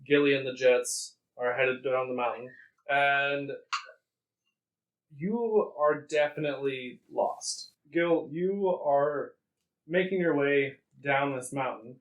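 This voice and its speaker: A man's voice: medium pitch, slow pace, roomy sound, poor audio. A man running a tabletop game as game master, laughing often and joking with his players.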